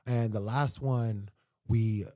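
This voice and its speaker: A man's voice: lowish voice, fairly even intonation, takes it slowly, warm tone. A man as a podcast guest, talking sincerely and repeating phrases for emphasis. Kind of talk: casual podcast conversation.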